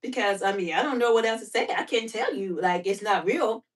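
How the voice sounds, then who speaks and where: A woman hosting a casual livestream, talking to her chat in an animated, talkative way, laughing often and firing off rhetorical questions. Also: mid-range voice, a little fast. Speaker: livestream host. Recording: voice somewhat far from the mic.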